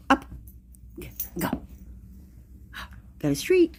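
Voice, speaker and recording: A woman's voice: fairly high pitch, sing-song, unhurried, a bit bright. A woman talking playfully to her pet dog, teasing and coaxing it. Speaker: dog owner. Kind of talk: casual talk to a pet.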